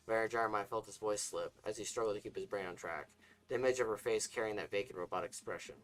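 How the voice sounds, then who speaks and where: A man's voice: lowish voice, fairly even intonation, quick pace, a bit bright, poor audio. A man casually reading fiction aloud, stumbling and restarting now and then. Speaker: story reader.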